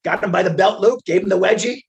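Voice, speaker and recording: Retired older man, gravelly fry-laden voice, spins lively anecdotes full of fillers and acted-out quotes. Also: high voice, quick pace, a little hiss or hum. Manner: animated, acts out quoted dialogue, frequent fillers. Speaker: interview guest, retired federal agent. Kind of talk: conversational storytelling.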